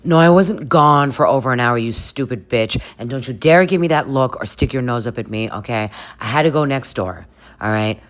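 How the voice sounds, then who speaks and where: A man's voice: mid-range voice, normal speed, natural voice. A man voicing a snippy, defensive young woman who snaps back sarcastically. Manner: snapping, sarcastic.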